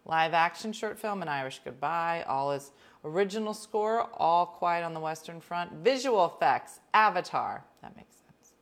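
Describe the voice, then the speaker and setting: Chatty woman with lively pitch. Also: moderate pace. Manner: chatty, rambling storyteller with whispered asides. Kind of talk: casual chat.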